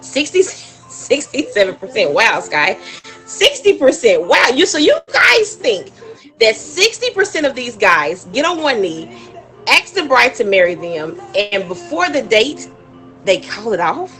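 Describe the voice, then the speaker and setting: Chatty woman host, bubbly and animated, talking to her live-stream viewers. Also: a little high, measured pace, faint music behind. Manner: bubbly, chatty, laughs often. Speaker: wedding planner hosting a live stream.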